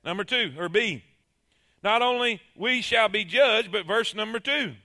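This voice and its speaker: A man's voice: sits high, normal speed, sharp tone. A man preaching a sermon, emphatic and calling on the congregation to answer.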